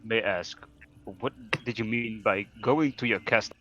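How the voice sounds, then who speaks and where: A man's voice: lowish voice, unhurried, sharp tone, dull audio. A man speaking politely as a player in a tabletop game. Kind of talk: casual tabletop game chat.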